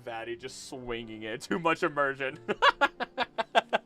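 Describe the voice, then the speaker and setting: A man's voice: medium pitch, big pitch swings, slow, pauses often, bright, forceful tone, soft background music. A man streaming as he draws, chatting casually, muttering to himself and swearing now and then. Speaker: streamer and voice actor. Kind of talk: casual livestream chat while drawing.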